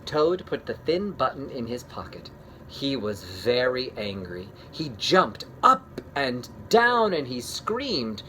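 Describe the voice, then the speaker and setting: A man reading a children's picture book aloud, gentle and expressive, talking kindly to young listeners. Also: medium pitch, takes it slowly, a little hiss or hum. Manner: gentle, warm-hearted and expressive, talks to kids. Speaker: children's story reader.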